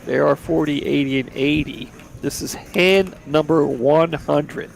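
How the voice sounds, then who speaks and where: A man's voice: on the high side, steady tone, a little slow, vocal fry. A man giving easygoing, chatty live commentary on a poker table from a booth. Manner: chatty, easygoing, repeats words. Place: commentary booth at a card room.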